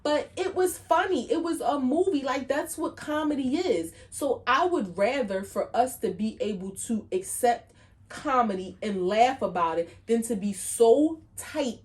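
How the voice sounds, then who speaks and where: Animated woman cohost, higher voice. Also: a little slow. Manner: animated, frequent "like" fillers. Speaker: podcast cohost. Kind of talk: casual chat.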